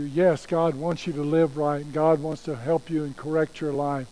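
A man's voice: on the high side, level tone, normal speed, warm tone, rough recording. A pastor preaching a conversational sermon, repeating phrases and restarting his sentences as he goes.

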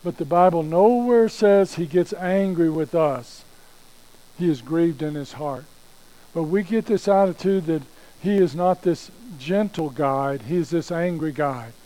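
Guy preaching a sermon, kinda high voice but soft and mellow, repeats himself a lot. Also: measured pace, poor audio. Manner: conversational preaching with repeated phrases and restarts. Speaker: pastor.

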